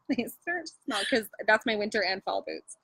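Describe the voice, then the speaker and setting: A woman's voice: medium pitch, animated, a bit bright, breathy edge, dry recording. A Canadian woman hosting a casual chat, joking around and laughing often. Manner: giggly, joking, quick to laugh. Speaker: livestream host.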